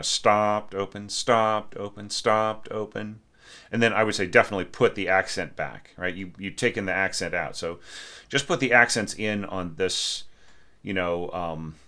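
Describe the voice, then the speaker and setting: A man's voice: low-pitched, bright, forceful tone. A man reviewing a student's orchestration score in a casual, conversational way, full of fillers and restarts. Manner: hums musical lines aloud. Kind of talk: casual spoken critique.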